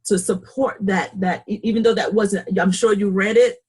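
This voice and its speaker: Husky-voiced woman hosting a book chat. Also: medium pitch, fairly even intonation, moderate pace. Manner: warm, affirming, encouraging. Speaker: host.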